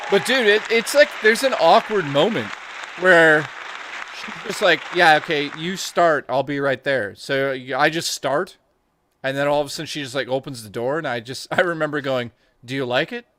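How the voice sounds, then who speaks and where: A man telling crude, animated stories in casual chat as a stream co-host. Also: fairly high pitch, normal speed, a faint crowd, a little hiss or hum.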